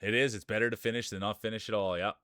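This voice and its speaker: A man's voice: fairly low pitch, fairly even intonation, very fast, noisy background. A man hosting a live stream, calling marble races like a hype announcer and greeting his viewers. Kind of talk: live-stream race commentary.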